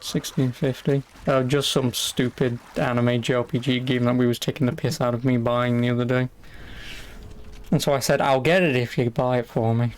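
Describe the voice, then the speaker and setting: A young British man streams a game and banters casually with his chat, sarcastic and swearing as he plays. His mid-range voice has a darkish, clean tone.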